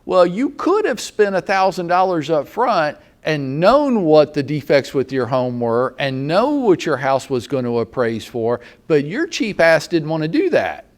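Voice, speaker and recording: A man with a Southern American accent giving a blunt, sarcastic, animated training talk to real estate agents. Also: on the high side, unhurried, hardly any pauses. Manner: blunt, sarcastic, mock-scolding.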